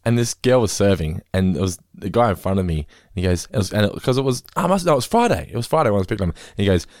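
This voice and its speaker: A man's voice: on the low side, racing, no room sound, studio quality. A man in his thirties with an Australian accent, co-hosting a casual podcast chat, telling stories and acting out the people in them. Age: 30s. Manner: animated storytelling, swears casually, acts out quoted people. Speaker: podcast co-host.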